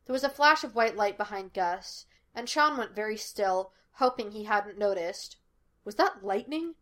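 A woman's voice: medium pitch, moderate pace, a bit bright. Woman narrating fan fiction aloud. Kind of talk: audiobook narration.

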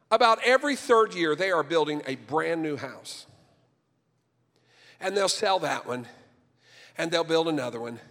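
A male pastor delivers a sermon, swinging from conversational asides to impassioned, near-shouted declarations. His voice sits a bit high for a man. Long reverb from the sanctuary trails after each phrase. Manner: impassioned, rising to near-shouting, with stumbles and restarts.

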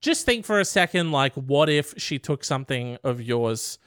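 A man's voice: mid-range voice, animated, moderate pace, a bit bright, clean tone, no room sound. A sarcastic young man trades jokes on a casual podcast. His voice sits close and dry, with no room sound around it. He reads a letter aloud in a mocking tone. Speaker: podcast co-host.

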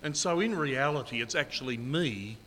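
A man's voice: mid-range voice, expressive, moderate pace, a bit bright, long reverb tail, a little hiss or hum. A middle-aged man preaching a sermon as pastor, earnest and emphatic, repeating key phrases.

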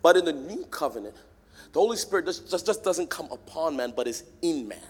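A man preaching a sermon to a church congregation, swinging from quiet, close talk to loud, shouted call-and-response. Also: a little high, big pitch swings, fairly quick, husky. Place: large church hall. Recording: long hall reverb.

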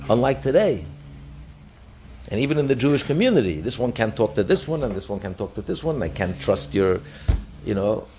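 Animated man teaching a Talmud class. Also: vocal fry, a little hiss or hum. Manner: animated, acts out the sages' voices with pitch jumps; repeats and restarts phrases while explaining. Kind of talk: daf yomi Talmud class.

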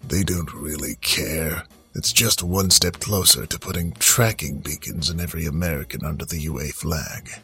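A man doing a hushed paranoid grump. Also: steady tone, moderate pace, vocal fry, soft background music, full character voice. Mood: conspiratorial. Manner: low, hushed, conspiratorial. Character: paranoid grumpy man ranting about government control.

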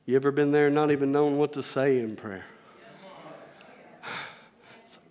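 A man preaching a sermon as pastor, moving from quiet conversational asides to loud, shouted passages. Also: medium pitch, steady tone, normal speed, big-room sound. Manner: preaching, swings from soft asides to shouted climaxes.

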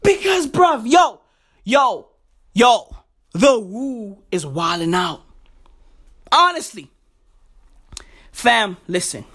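A man with a notably high voice rants in a slow, drawn-out comedic tirade. He swears freely, throws in slang constantly and jumps from low mutters to loud shouts. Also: big pitch swings. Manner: shouting, swinging pitch wildly, heavy slang. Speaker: vlogger. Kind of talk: profane comedic rant. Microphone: home recording setup.

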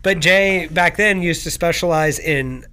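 A young man co-hosting a podcast, telling stories in a relaxed, rambling way full of "like" and "dude.". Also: a little high, unhurried. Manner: laid-back storytelling with lots of "like" and "dude". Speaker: podcast co-host. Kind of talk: casual chat.

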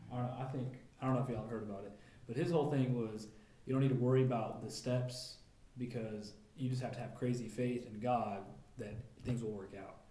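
A young man reflecting on his faith in a casual group talk, relaxed and thoughtful, speaking to the others. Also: medium pitch, brisk, echoey room. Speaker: member of a faith sharing group.

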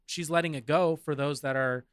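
A man's voice: on the high side, fairly even intonation, normal speed, clear, resonant tone, no room sound, clean studio sound. A man co-hosting a casual podcast, thinking aloud and reading news notes with fillers. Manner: reflective, reads notes with fillers. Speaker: podcast co-host.

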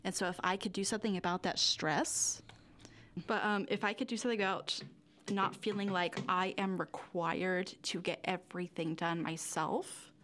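A woman's voice: fairly low pitch, fairly even intonation, moderate pace, fairly bright tone, slight background noise. A young woman giving a candid personal interview, rambling with lots of fillers and nervous little laughs. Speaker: interview guest.

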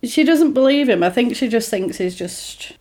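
A woman with a slightly raised pitch chats casually, recapping a film with lively energy. She keeps jumping into the characters' lines, performing their reactions as she tells it. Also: normal speed. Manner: animated storytelling, acting out characters' lines.

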